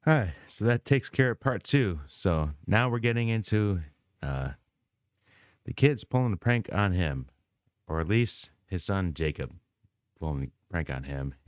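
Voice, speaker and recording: A male reaction-video host giving relaxed, chatty commentary between clips. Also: sits low, measured pace, no echo, studio quality. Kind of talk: casual commentary.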